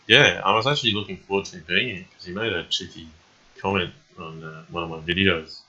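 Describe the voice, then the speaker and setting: A man talks through his moves in a low, husky voice with a forceful edge. He commentates live in a steady, measured way and often pauses on an "um". The stream audio sounds dull and lo-fi. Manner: thinking aloud, calm and measured, frequent ums and uhs. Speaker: chess streamer.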